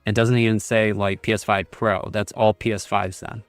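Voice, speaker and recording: A man doing casual livestream commentary at home on a close mic, his voice fairly low and dry in the room. He rambles and reads on-screen text aloud, padding it with fillers, while faint game music plays behind. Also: little pitch movement, moderate pace, clean tone, no room sound. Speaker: gaming streamer.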